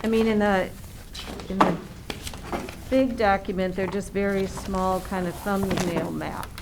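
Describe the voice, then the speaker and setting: A woman's voice: medium pitch, steady tone, unhurried. Lady on the commission asking about maps, polite and kinda apologetic, noisy room. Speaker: commission member. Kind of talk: meeting discussion. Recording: noisy meeting room recording.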